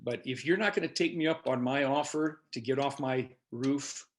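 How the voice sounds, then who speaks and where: A man's voice: mid-range voice, moderate pace, slight background noise. An older man, an instructor, telling a personal story to his class with many hesitations and uhs. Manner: rambling, hesitant, full of uhs.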